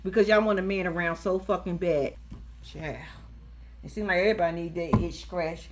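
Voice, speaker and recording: A woman's voice: on the low side, moderate pace. A woman giving casual, profane, sassy commentary recapping a reality TV episode, acting out the people in it. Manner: sassy, profane, animated storytelling.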